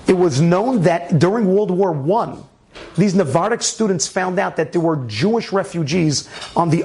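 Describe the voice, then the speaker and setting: A man with a raspy voice telling a Torah story in a lively way, with restarts and sound effects. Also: high voice. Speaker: Torah speaker. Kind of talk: animated storytelling talk.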